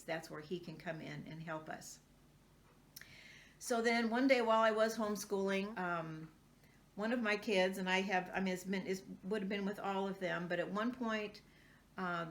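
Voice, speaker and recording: Older lady talking about faith n homeschooling, gravelly lowish voice, earnest, faint hum behind. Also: a bit bright. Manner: earnest, reflective, with frequent ums. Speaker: homeschooling vlogger. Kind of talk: personal faith sharing, casual monologue.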